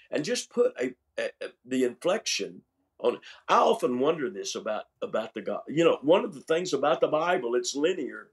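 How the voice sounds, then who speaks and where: An older man in his seventies speaks in a relaxed interview, a pastor with an animated storytelling way of talking. His voice sits at an ordinary middle pitch, and he often circles back on a word before pressing the point. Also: moderate pace. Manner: animated, emphatic storyteller who repeats words. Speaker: pastor and seminary chancellor. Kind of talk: conversational interview.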